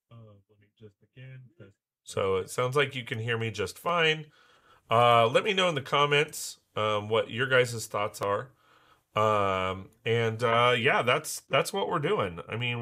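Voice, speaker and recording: A man talks his way through a casual livestream, his voice hoarse from recent illness. He rambles with fillers and restarts, and his tone stays bright and forceful. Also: fairly low pitch. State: hoarse, recovering from losing voice. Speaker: livestream host building Lego.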